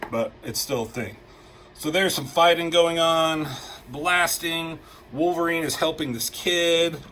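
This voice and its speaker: A man giving a casual, rambling comic book review, excited and swearing freely as he acts out lines. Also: a little high, a little hiss or hum, poor audio.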